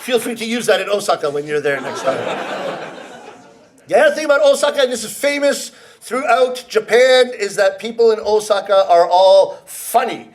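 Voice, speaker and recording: A man's voice: high-pitched, moderate pace, crowd noise, background noise. A man from Canada performing comedy storytelling live on a theater stage, playful and teasing the audience. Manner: playful, teasing the audience, acting out quoted voices. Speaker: rakugo storyteller.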